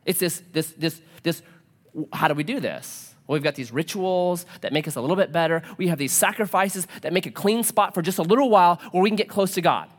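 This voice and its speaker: A man's voice: high voice, brisk. A man preaching a sermon, telling a personal story and acting out the dialogue. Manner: animated storytelling, acts out dialogue. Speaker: pastor.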